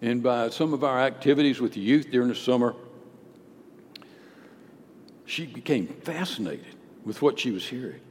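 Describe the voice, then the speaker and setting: A male pastor preaching a sermon, emphatic, swinging between loud declarations and hushed storytelling. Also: medium pitch, lively intonation, a little fast. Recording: long hall reverb with faint background noise.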